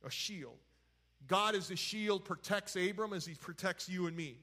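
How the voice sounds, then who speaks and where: A man's voice: high voice, moderate pace, pushed and bright. A man teaching from the Bible in a folksy, conversational way, retelling scripture in everyday words.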